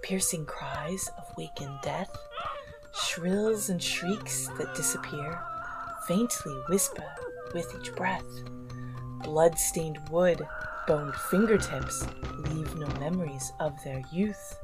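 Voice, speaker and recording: A woman's voice: fairly low pitch, very animated, slow, loud music behind the voice. A woman doing a creepy put-on British reciter. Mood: eerie. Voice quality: breathy whispering on some lines. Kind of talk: dramatic poetry reading.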